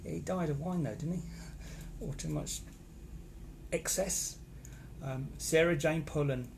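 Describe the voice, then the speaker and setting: A man's voice: fairly high pitch, unhurried, vocal fry, a little mellow, a little hiss or hum. A man chatting casually on a live stream, rambling and reacting to viewer comments from a hotel room. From England. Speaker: vlogger reading live comments.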